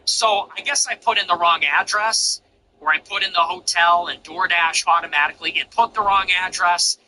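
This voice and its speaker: Brash, bright-voiced male livestream host. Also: high voice, normal speed, slight background noise, poor audio. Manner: blunt, brash storytelling. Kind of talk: livestream chat.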